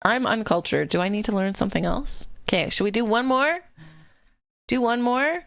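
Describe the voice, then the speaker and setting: This is a woman streamer on a casual live stream, giggly and quick to swear. Her voice has a gravelly, fried edge and is pitched in the middle range. The desk-mic sound is dry, with no room around it. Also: animated, dry recording. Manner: chatty, giggly, swears freely. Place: home streaming setup.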